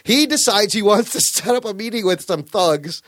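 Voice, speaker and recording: Man, high voice, dry close sound, animated profane storyteller, podcast host. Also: no room sound. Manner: animated, profane storytelling with quick acted quotes. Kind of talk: casual comic book chat.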